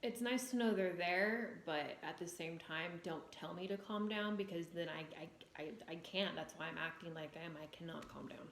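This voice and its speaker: A woman's voice: on the low side, moderate pace, creaky, few pauses, a little hiss or hum. A woman guest in a casual chat, talking frankly and emphatically, sometimes repeating herself. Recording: echoey room with faint ambience.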